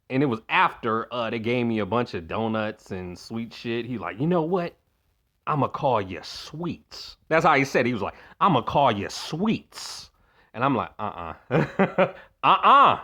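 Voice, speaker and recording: Profane, animated man ranting on stream. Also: mid-range voice, lo-fi sound. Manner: profane, blunt, animated, acts out quoted voices. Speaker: streamer telling a story to his chat. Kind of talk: casual storytelling rant.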